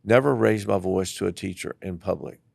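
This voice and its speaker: An older man speaks in a low, rough, gravelly voice, recorded close and dry. He tells his stories with energy and acts out the people in them. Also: brisk, darkish tone, no room sound. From southeastern Tennessee. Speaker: guest, former elementary school principal. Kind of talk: storytelling interview.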